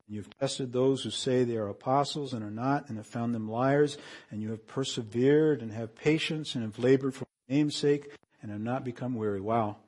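Scripture is read aloud by a male pastor of medium pitch whose sermon shifts back and forth between soft, hushed moments and raised, emphatic passages.

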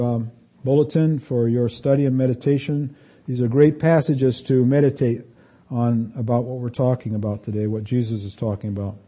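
A man's voice: mid-range voice, dark tone. A middle-aged pastor preaching a conversational sermon, reading scripture aloud and lifting his voice for emphasis.

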